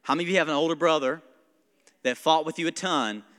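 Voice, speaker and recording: A pastor preaching an animated sermon, laughing often and acting out his kids. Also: fairly high pitch, fast, clear, resonant tone, long reverb tail.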